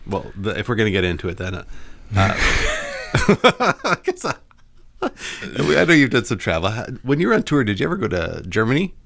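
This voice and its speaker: A man's voice: mid-range voice, huge pitch swings, normal speed, creaky, a bit bright. A man co-hosting a podcast in casual comedic chat, telling stories and laughing at puns. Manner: laughing, storytelling, playful puns. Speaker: podcast co-host.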